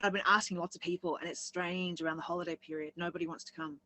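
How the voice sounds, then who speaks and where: Bright-voiced woman rambling in casual chat. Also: on the low side, steady tone, fast talker, low-quality recording. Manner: rambling, laughs through her story. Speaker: co-host.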